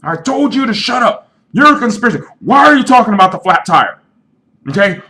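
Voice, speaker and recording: A man voicing a frantic, bossy man in denial who shouts everyone down in a shrill voice. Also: sing-song, a little fast, heavily acted. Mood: yelling. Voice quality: shrill, yelling.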